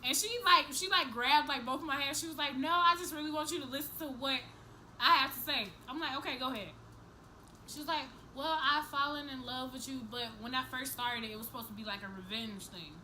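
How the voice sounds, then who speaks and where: Young woman vlogger, high bright voice, animated and profane storytelling, faint room noise. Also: a little fast, poor audio. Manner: animated, profane, acts out each person's lines, laughs through the story. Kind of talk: casual storytelling to camera.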